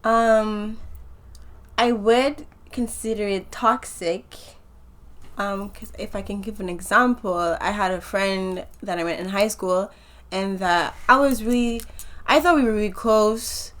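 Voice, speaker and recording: A woman's voice: mid-range voice, measured pace. A woman guest on a podcast, telling personal stories candidly in slangy, filler-heavy talk. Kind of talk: casual conversation.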